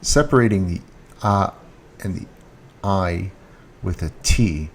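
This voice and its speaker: A man giving a casual French lesson, speaking slowly, repeating each French word and stressing it, recorded on a handheld mic. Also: low-pitched, lively intonation, husky. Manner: slow, repeats French words with rising emphasis. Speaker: French teacher. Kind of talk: casual online language lesson. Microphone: handheld mic with earphone monitor.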